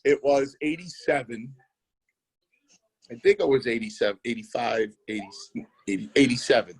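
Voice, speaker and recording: A man's voice: mid-range voice, moderate pace, slightly rough, rough recording. A middle-aged man hosting a podcast, telling wrestling stories casually, repeating himself and swearing. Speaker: podcast host. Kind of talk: casual chat.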